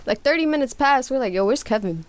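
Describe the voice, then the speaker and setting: A woman's voice: high voice, quick pace. Slangy young woman telling a wild story. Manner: animated storytelling with voiced quotes, slangy and profane. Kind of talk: casual chat.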